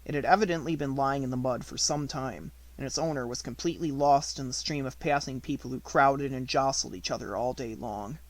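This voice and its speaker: A man reading an unabridged audiobook in a measured storytelling manner, slowing on descriptive words. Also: mid-range voice. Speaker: audiobook reader.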